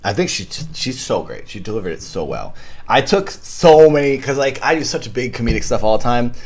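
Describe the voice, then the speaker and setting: A man hosting a live stream, chatting casually about his own short film and thanking donors. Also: on the low side. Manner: rambling, animated, thanks donors warmly. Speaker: filmmaker hosting a live viewing commentary.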